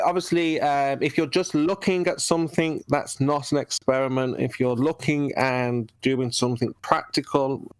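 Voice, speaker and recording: A man's voice: mid-range voice, creaky, no room sound. A man taking part as the guest in a casual debate, affable and agreeable, who often repeats his questions and answers.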